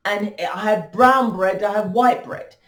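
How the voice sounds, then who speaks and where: A woman's voice: medium pitch, measured pace. Lady rambling on about spiritual stuff, lots of ums and restarts, roomy echo. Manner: rambling, chatty, with many restarts and fillers. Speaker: spiritual channel host. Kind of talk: casual spiritual talk to camera.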